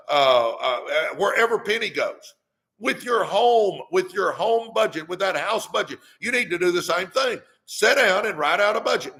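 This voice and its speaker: A man's voice: high voice, gravelly, bright, forceful tone. A middle-aged man, hosting a live stream and preaching money advice in a fired-up way that keeps repeating "come on". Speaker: host.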